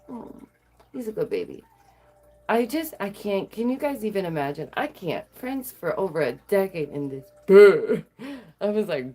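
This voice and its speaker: A woman vlogger telling stories to her viewers in a sassy, animated way, laughing often. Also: medium pitch, moderate pace. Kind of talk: casual storytelling to viewers.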